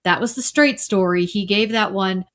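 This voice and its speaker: Woman guest on a movie podcast, average pitch, chatty, laughs a lot. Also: normal speed, a bit bright. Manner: chatty, laughs often, mimics people in quotes. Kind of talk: casual film chat.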